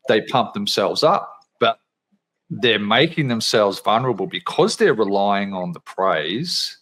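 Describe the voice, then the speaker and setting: A man's voice: fairly low pitch, lively intonation, unhurried, fairly bright tone. A man hosting a podcast in a casual, conversational way, swearing now and then and mimicking the people he quotes. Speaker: podcast host.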